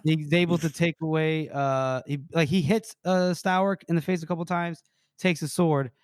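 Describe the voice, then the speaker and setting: A man's voice: fairly high pitch, fairly even intonation, moderate pace, smooth, no room sound, clean studio sound. A man co-hosting a casual book podcast who talks in a rambling way and acts out the characters' lines. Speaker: podcast co-host.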